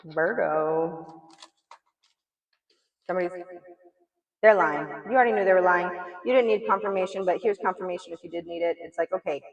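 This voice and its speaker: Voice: medium pitch, moderate pace, vocal fry, long pauses, highs cut off. Echoey, blunt casual tarot reader. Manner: blunt, chatty, swears, lots of "like" and "you know". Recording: echoey room, mic far off.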